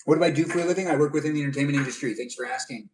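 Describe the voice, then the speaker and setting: A man's voice: fairly high pitch, rapid-fire, far from the mic. A man from Los Angeles hosting a casual livestream, chatty and answering viewer comments as they come in. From Los Angeles, California. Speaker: livestream host.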